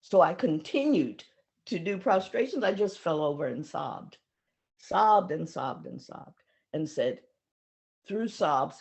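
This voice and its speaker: A woman in her seventies recounting memories of her teacher in an emotional, pausing storytelling manner. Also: deep voice, lively intonation, creaky, a little mellow. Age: 70s. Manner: emotional, pausing, acts out voices in her stories. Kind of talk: reflective storytelling talk.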